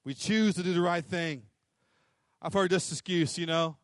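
High-voiced emphatic male preacher. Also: moderate pace, no echo, studio quality. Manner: emphatic, repetitive, acts out quotes. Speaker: pastor. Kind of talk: sermon.

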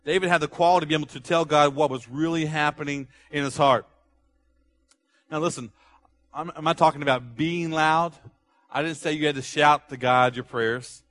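Bright-voiced male preacher. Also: on the high side, fairly even intonation, moderate pace. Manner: conversational, emphatic preaching. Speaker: pastor. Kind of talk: sermon.

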